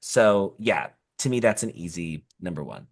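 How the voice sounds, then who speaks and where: A woman's voice: extremely low pitch, expressive, moderate pace. A woman co-hosting a pop music podcast in casual chat, talking enthusiastically with lots of fillers. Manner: chatty, enthusiastic, many fillers. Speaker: podcast co-host.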